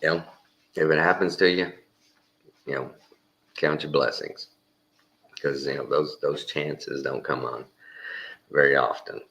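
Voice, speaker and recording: A man spins a loose, folksy yarn with easy cussing and plenty of tangents. His voice sits extremely low and rumbles with a gravelly fry. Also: fairly even intonation, a little slow, pauses often, fairly bright tone, highs cut off. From Texas. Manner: folksy, rambling, casual swearing, acts out quoted voices. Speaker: storyteller. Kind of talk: casual spoken anecdote.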